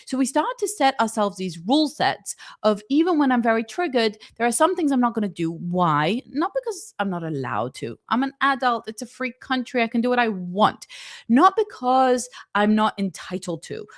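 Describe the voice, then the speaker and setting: Emphatic, animated woman marriage coach. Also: on the high side, moderate pace. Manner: animated, emphatic, lots of "okay?" check-ins. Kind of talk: advice video answering viewer questions.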